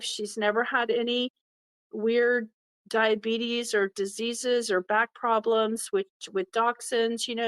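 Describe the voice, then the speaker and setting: A woman's voice: a little high, a bit bright, poor audio. A middle-aged woman tells a personal story from the heart and acts out the voices of the people in it. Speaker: podcast host.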